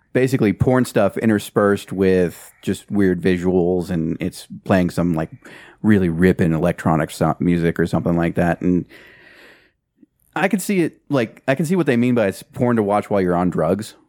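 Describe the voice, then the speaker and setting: Low-voiced offhand male podcaster. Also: moderate pace, darkish tone, no room sound, clean studio sound. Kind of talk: casual podcast chat.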